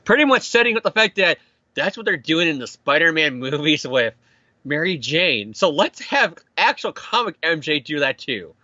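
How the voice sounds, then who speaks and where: A man hosts a comic recap podcast in a loose, profane, joking way, breaking into silly voices for the characters. His voice is bright and edgy, sitting a bit high, heard dry and close. The sound is slightly dull and muffled. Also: sing-song, normal speed, no room sound. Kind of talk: casual comic recap with acted quotes.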